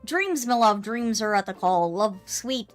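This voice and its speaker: A woman's voice: medium pitch, expressive, unhurried, soft background music, natural voice. A woman voicing a quaint ancient forest creature, speaking in broken archaic phrases with tender affection. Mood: fond.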